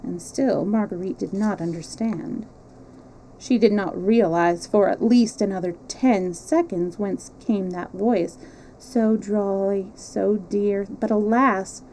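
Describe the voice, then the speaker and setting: A woman reading a classic novel aloud, expressive and measured, with small slips. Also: medium pitch, a little hiss or hum, rough recording. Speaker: storyteller.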